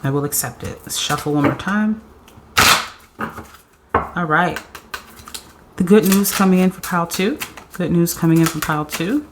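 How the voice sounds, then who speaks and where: Excitable woman reading tarot cards. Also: on the low side, normal speed, long pauses, very noisy. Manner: excitable, laughing, slangy, acts out quotes. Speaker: tarot reader. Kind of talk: pick-a-card tarot reading.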